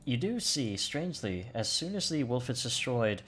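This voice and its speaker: A man's voice: mid-range voice, sing-song, moderate pace, fairly bright tone, breathy edge, soft background music. A man acting as game master, narrating combat and rulings in a loose way that searches for words. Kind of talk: running a tabletop game, describing rules and combat.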